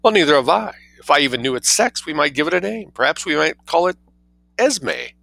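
A wry, crisply sardonic young gentlewoman, as a male reader speaks her lines with a slightly raised, lively pitch. The tone is bright with a gravelly edge. It sounds like a storybook read aloud. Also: brisk, no echo, exaggerated voice. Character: dry, cross young gentlewoman narrator. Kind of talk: audiobook reading.

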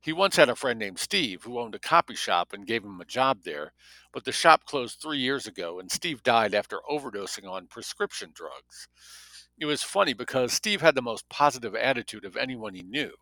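A man's voice: mid-range voice, lively intonation, normal speed, bright, forceful tone, no echo, poor audio. A man reading a novel aloud who breaks off now and then for wry spoken comments. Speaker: story reader.

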